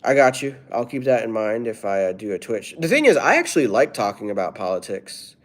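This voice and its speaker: A male comedian chatting casually with viewers on a live stream, playful and riffing in quick rhymes. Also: mid-range voice, big pitch swings.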